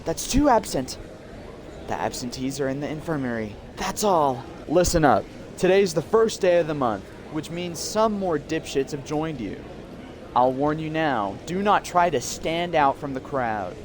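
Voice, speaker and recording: A man voicing a gruff, stern prison captain who barks slow, commanding orders in a video game. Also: a little high, expressive, background noise. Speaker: game character.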